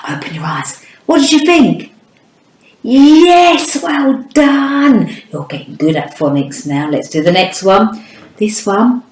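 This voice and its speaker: A woman's voice: on the high side, slow, a little mellow. A woman from the United Kingdom teaching a children's phonics lesson, encouraging and speaking straight to a young viewer. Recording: echoey room.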